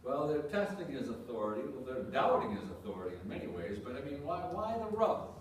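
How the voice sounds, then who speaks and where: A man's voice: medium pitch, big pitch swings, brisk, a little hiss or hum. A male pastor giving a conversational sermon, often asking the congregation questions and repeating his phrases. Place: church sanctuary. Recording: echoey church from a distant mic.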